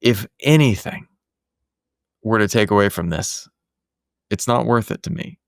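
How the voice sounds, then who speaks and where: A man's voice: lowish voice, expressive, measured pace, vocal fry, dry recording, clean studio sound. A man who hosts podcasts, talking in a casual conversation from his home office and sharing earnest, reflective stories.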